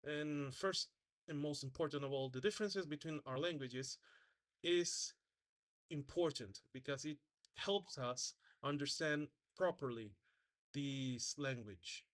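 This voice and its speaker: A man's voice: on the high side, unhurried, a bit bright. Hesitant young man giving a spoken exam. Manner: hesitant, with restarts and self-corrections; demonstrates sounds by repeating example words. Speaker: student.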